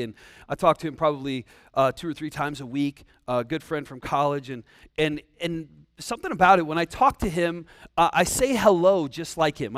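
A man delivers a church sermon in a lively, talky style, often tossing rhetorical questions to the room. His voice sits fairly high for a man. The sound is dry and close, with little room echo. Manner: animated, conversational preaching with rhetorical questions. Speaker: pastor. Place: church sanctuary.

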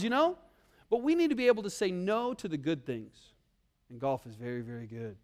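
A man in his thirties preaching a sermon as pastor, emphatic, repeating key phrases and moving between loud and quiet. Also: high voice, very animated, fairly quick.

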